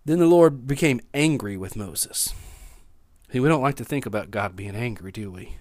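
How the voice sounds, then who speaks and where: A man's voice: medium pitch, expressive, normal speed, darkish tone, dry recording. A man preaching a sermon, reading scripture aloud with expression and talking to his listeners in an easy, conversational way. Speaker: pastor.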